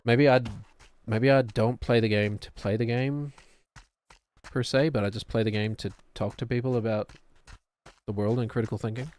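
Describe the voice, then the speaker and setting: A man's voice: mid-range voice, steady tone, normal speed, darkish tone. Rambling New streamer man. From New Zealand. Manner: rambling, musing, self-deprecating. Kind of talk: casual gameplay chat.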